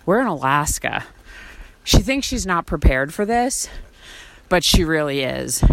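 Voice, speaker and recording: A woman podcast host chats outdoors on a trail, her voice lively and swinging widely in pitch. She teases her companions in a playful, animated way. Her pitch sits a little low for a woman. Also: measured pace, background noise. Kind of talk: casual chat recorded on a hike.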